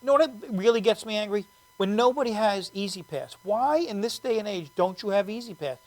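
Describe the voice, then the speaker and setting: A woman comedian hosting a casual show, telling rambling comic stories in an animated way and laughing often. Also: mid-range voice, normal speed. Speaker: comedian host.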